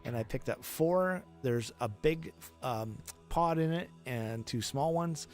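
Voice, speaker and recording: A man at mid pitch casually walks through his game as he plays, thinking aloud and correcting himself. Music plays clearly behind his voice the whole time. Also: slow pace, a little mellow. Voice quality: chatty, thinking aloud with restarts. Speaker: game developer streaming his game. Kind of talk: casual gameplay commentary.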